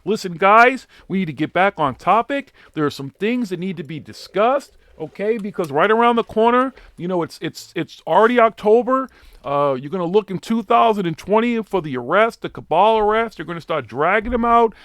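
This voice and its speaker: A man with a Boston accent voicing a frantic male conspiracy preacher who shouts and rants. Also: high voice, lively intonation, no echo, pitched above the performer's own voice. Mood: frantic ranting. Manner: shouting, ranting rapidly.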